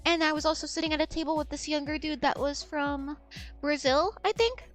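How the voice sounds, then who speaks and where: A woman's voice: high voice, a little fast, soft background music. A woman in her twenties chatting casually as a streamer, rambling, losing her thread and swearing freely. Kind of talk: casual chat.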